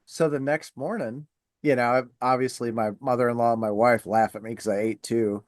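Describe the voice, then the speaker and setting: Animated male podcast host telling a story over a dry, close mic, with a mid-range voice. He swears freely, acts out the people he quotes, and keeps the talk casual and loose. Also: mid-range voice, normal speed, no echo.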